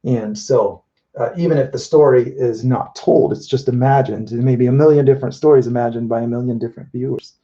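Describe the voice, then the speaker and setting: A man talks through his painting as he works, loose and unhurried, often restarting his sentences and tossing in "you know." His voice sits mellow and warm in a middle pitch. The recording is a little dull and lo-fi. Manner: relaxed, thinking aloud while painting, many restarts and "you know". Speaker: painting instructor. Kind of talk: live painting demonstration. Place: indoors at a painting wall.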